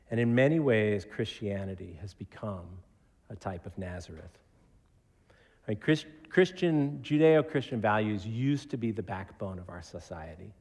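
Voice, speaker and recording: Chatty pastor preaching in an echoing church. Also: male voice, low-pitched, darkish tone, husky. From Connecticut, United States. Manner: conversational, joking, acts out quotes. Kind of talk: sermon. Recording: reverberant church sanctuary.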